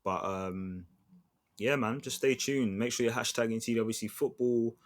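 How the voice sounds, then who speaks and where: A man's voice: mid-range voice, steady tone, moderate pace. A man co-hosting a football podcast, telling stories in a loose, slangy, chatty way. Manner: chatty storyteller, slangy, restarts often. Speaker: podcast co-host. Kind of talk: casual football chat.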